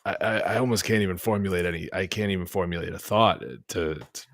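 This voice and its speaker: A male host with a lowish voice talking casually. He hesitates and gropes for words, laughing readily. The recording is dry and close. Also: quick pace, a bit bright, no echo. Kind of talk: casual conversation.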